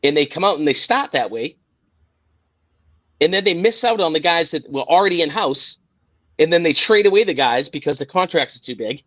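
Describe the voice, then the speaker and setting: A man's voice: a little high, animated, normal speed, fairly bright tone. A man hosting a sports podcast, ranting in a heated, profane, exasperated way. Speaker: podcast host. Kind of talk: casual sports rant. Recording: dull lo-fi podcast audio.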